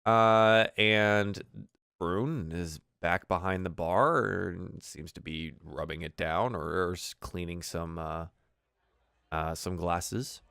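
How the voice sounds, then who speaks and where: A woman narrating a tabletop game as game master, in a relaxed, chatty way with fillers. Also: very deep voice, slow pace, creaky, smooth, dry recording, clean studio sound.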